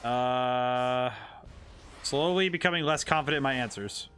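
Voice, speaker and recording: A man's voice: medium pitch, a little slow, a bit bright, clear, resonant tone, soft background music. A man streaming a video game, chatting casually and playfully as he plays, thinking aloud and rambling from one thought to the next. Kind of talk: casual live-stream commentary while playing.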